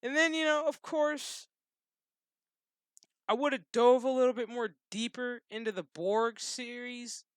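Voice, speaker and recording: A man hosting his own channel, ranting casually and profanely in a rambling, animated way. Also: very high voice, a little slow, no room sound, clean studio sound. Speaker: gaming channel host. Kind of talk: casual rant.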